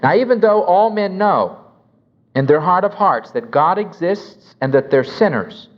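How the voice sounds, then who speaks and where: A man's voice: high-pitched, expressive, measured pace. A man lecturing on Christian apologetics, emphatic and full of anecdotes, acting out the conversations he tells about. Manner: emphatic, anecdotal, acts out dialogue. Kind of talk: recorded lecture with storytelling. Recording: dull recording with long hall reverb.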